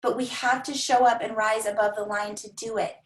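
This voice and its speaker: A woman coaches her team with energy, repeating key words and slipping into her clients' voices. Her voice sits a little high, and the room around her rings with echo. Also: fairly even intonation, a little fast.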